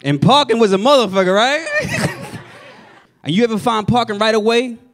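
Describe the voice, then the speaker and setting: A New man doing stand-up on a club stage, his voice sitting unusually high for a man. He spins loose, profane stories and throws punchy asides at the audience through a handheld mic, with a faint crowd murmur and a little noise behind him. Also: normal speed. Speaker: stand-up comedian. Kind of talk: stand-up comedy set. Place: comedy club stage before a live audience.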